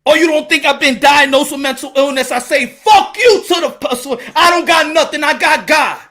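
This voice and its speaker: A man hosting a boxing channel, giving an impassioned to-camera monologue in blunt street slang, fervent and preachy, often breaking into shouts. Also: extremely high pitch, normal speed.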